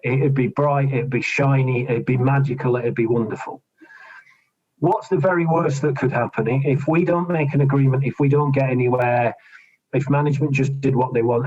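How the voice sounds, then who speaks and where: A man's voice: mid-range voice, darkish tone. A man, a trade union official, explaining negotiation tactics in a podcast interview, often repeating words and restarting. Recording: dull lo-fi recording.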